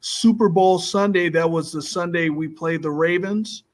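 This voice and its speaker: A man's voice: high voice, moderate pace. A man on a fan podcast, sharing his own experience in casual, direct chat. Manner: relating his own story, plain and direct. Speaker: podcast co-host.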